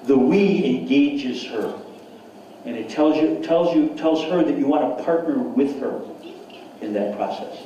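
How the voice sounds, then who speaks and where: A man gives an enthusiastic seminar lecture to an audience in a seminar hall, often repeating words and putting questions to his listeners. His medium-pitched voice is warm, with lively intonation and a moderate pace. The hall is echoey, he stands far from the mic, and there is slight background noise.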